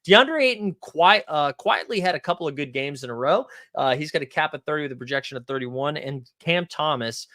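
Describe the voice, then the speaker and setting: A man hosting a live fantasy basketball stream, fast-talking, loose and profane, answering viewers' questions and thinking his picks through aloud. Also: a little high, lively intonation, sharp tone, no echo, studio quality. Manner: fast-talking, says so himself. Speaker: fantasy sports streamer host.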